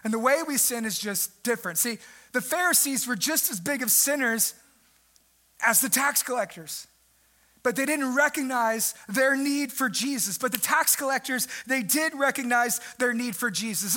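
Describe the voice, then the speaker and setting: Young male pastor, very high bright voice, lively preaching with sharp jumps in pitch and volume. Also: normal speed. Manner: animated preaching, jumps pitch and volume for emphasis, mimics people. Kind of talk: sermon.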